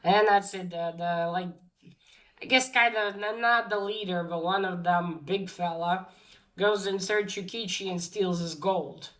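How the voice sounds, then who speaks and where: A woman's voice: fairly low pitch, fairly even intonation, fairly bright tone. Casual woman recapping a comic. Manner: halting, many fillers and restarts, acts out quotes lightly. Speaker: comic book reviewer.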